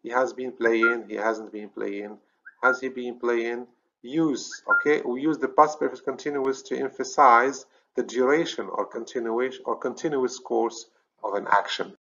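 Man, Moroccan accent, English teacher, patient step-by-step explanations, mid-pitched voice, dull lo-fi computer mic. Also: steady tone, moderate pace, fairly bright tone, slight background noise. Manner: explains step by step, checks understanding with "okay?", corrects himself. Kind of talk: recorded grammar lesson.

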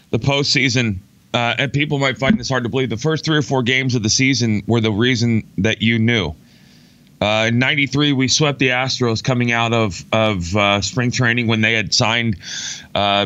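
Ex-pitcher co-host, slightly muffled. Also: male voice, sharp tone, dry recording. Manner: hesitant, many ums and repeated words. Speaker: former baseball player and co-host. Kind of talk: casual sports chat.

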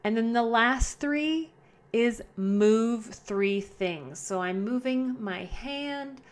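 A woman hosting her own podcast from home, chatting casually and repeating herself, often slowing down on purpose. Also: a little high. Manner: chatty, repetitive, self-correcting, slows down to model calm breathing. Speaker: podcast host. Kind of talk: casual solo podcast talk. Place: at home indoors. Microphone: camera close by.

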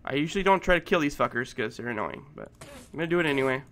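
A man giving let's play commentary, excitable and profane, shouting at game monsters. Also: mid-range voice, fast talker, slight background noise. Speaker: gameplay commentator.

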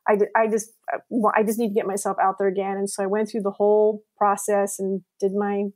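A woman's voice: mid-range voice, quick pace. A woman writer, a podcast guest, telling personal stories in a casual interview, laughing often and acting out what people said. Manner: animated, laughs often, acts out quoted lines.

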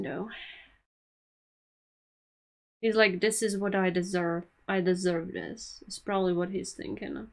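A woman's voice: medium pitch, steady tone, moderate pace, creaky, hardly any pauses, darkish tone. A woman hosting an anime reaction, talking casually and emotionally to the screen and laughing often.

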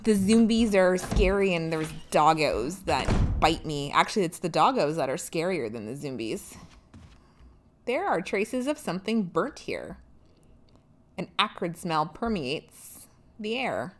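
A woman's voice: lowish voice, big pitch swings, measured pace. Playful swearing woman streamer. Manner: playful, swears freely, chats with viewers. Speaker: streamer playing a game. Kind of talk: casual live gameplay commentary.

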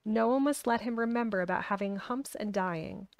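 A woman's voice: mid-range voice, normal speed, dry recording. Woman reading a storybook aloud, dry sound. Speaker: audiobook reader.

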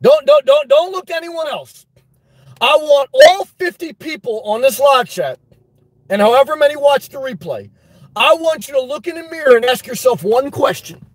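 Man, very high voice, livestream host, animated and loud, dry close recording. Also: normal speed, dry recording. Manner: animated, loud, swears a lot, repeats himself. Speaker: livestream host reading chat. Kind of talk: casual livestream rant.

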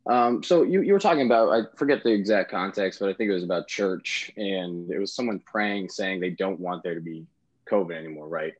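A man's voice: low voice, fairly quick. A man calling in to ask a question, hesitant and rephrasing himself with frequent ums. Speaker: caller asking a question. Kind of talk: casual question to a guest. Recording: dull lo-fi audio.

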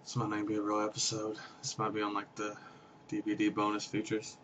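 A man's voice: lowish voice, monotone, fairly quick, a bit bright. A man casually muttering commentary and chanting little hype lines while he plays online poker. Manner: mumbled asides, half-sung hype chants. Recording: dull lo-fi audio, faint room noise.

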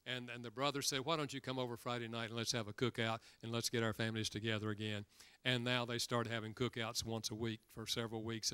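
An older man preaching as a guest, telling a story from the pulpit in a folksy manner and voicing each person's words with building emphasis. His tone is bright and crisp, and the sound is dry and close. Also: mid-range voice, no echo. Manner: folksy storyteller, acts out dialogue with rising emphasis. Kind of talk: sermon with storytelling.

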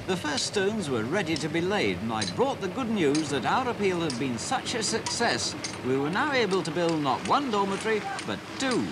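A man presenting a children's TV show, telling the story in a bright, lively voice-over. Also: high-pitched, normal speed, few pauses, heavy background noise. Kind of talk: scripted voice-over narration.

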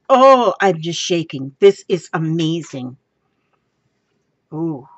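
A woman on a casual craft vlog, exclaiming with delight over her new materials. She talks at an unhurried pace, close and dry. The sound is dull and lo-fi. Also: lowish voice, no echo. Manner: gushing, excitable, exclaims often. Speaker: craft vlogger.

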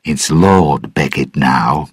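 A man's voice: a bass voice, lively intonation, takes it slowly, husky, no room sound, clean studio sound, full character voice. A man reading the lines of a smug, cold-hearted lord who orders arrests, in a storybook reading. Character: cold scheming male lord, officer of the crown.

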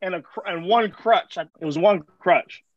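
A man telling a story to friends in profane, slangy, animated casual talk as host of a vlog. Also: sits high, measured pace, no room sound, muffled recording.

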